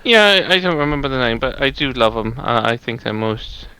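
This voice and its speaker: A man's voice: medium pitch, expressive, brisk, sharp tone, smooth, no echo, low-quality recording. A man chatting casually, hesitant and rambling with frequent fillers. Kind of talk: casual chat.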